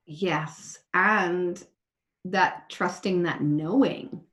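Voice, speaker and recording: Woman, therapist guest, earnest, animated, remote call, echoey room. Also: lowish voice, very slow. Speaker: intuitive therapist, podcast guest. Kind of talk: heartfelt conversational chat. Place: home in Ireland. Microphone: remote call recording. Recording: roomy remote call audio.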